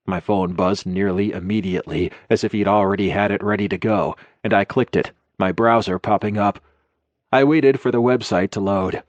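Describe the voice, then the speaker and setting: A man's voice: on the low side, steady tone, moderate pace, dry recording, dull audio. A man reading a first-person romance audiobook in a wry, conversational way, close to the mic. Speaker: audiobook narrator.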